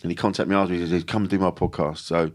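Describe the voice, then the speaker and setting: A man's voice: sits low, flat delivery, very fast. A man, a comedian guesting on a podcast, telling stories in a rambling, swearing, self-interrupting way. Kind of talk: casual chat.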